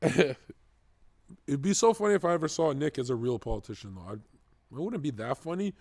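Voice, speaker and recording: A man streaming live, reacting to clips with excitable, profane, joking rants. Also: a little high, fairly quick, no room sound.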